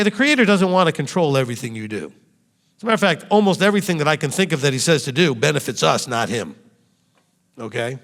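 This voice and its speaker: A man's voice: mid-range voice, vocal fry, a bit bright. A male rabbi preaching a sermon, speaking animatedly and putting direct rhetorical questions to his congregation. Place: meeting room with a congregation. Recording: long reverb in a hall.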